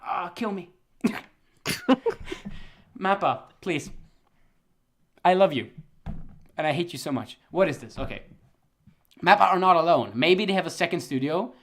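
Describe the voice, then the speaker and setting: A man's voice: a little high, lively intonation, a little slow, pauses often, a bit bright. A young man co-hosting a casual anime chart chat, ranting with frequent laughter. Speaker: anime season chart co-host.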